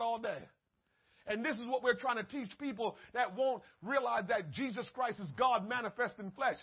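A man preaching a sermon with passion, swinging between shouted declarations and low, quiet asides. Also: moderate pace, husky, dull audio.

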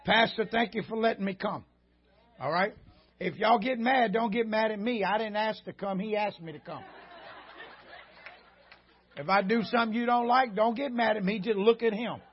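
A high-voiced man preaching in a church, his voice husky and breathy. He swings from folksy country jokes to loud shouted preaching. The recording is dull and lo-fi. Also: moderate pace, long pauses. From rural Southern United States. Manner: joking folksy banter rising to shouted preaching. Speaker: guest preacher. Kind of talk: sermon. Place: church sanctuary before a congregation.

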